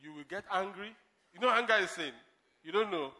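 A man preaching a sermon, animated, moving between loud emphasis and quiet asides and laughing at his own stories. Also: sits high, fairly quick. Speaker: pastor.

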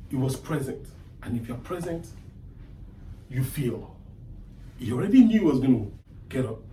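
A male pastor preaching with a high, lively voice that climbs and drops a lot. He hammers home his points by repeating short phrases. He sounds a bit far from the mic in a room with a strong echo. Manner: emphatic preaching with repeated phrases and long pauses. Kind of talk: sermon.

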